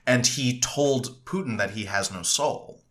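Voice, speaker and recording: A man chatting on a political podcast in a bright, forceful voice. He talks bluntly, swears freely and leans on fillers. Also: medium pitch, measured pace. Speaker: podcast co-host. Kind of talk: casual political chat.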